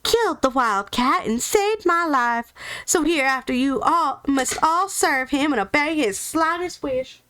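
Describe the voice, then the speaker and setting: A woman voicing a timid, gentle little female mouse queen in a storybook reading, in a high gentle voice. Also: lively intonation, measured pace, no room sound. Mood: timid, regal.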